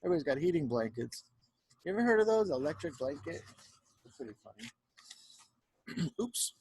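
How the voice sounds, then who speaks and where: Animated male teacher reading to kids. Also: on the high side, fairly quick, a little hiss or hum. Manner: animated, chatty, talks to the kids. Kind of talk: reading a picture book aloud to children. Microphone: home video recording.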